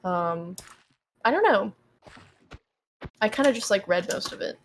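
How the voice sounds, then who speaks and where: A woman's voice: medium pitch, animated, a little slow, slight background noise. A young adult woman co-hosting a gaming podcast in casual chat, rambling with lots of ums and likes. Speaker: podcast co-host.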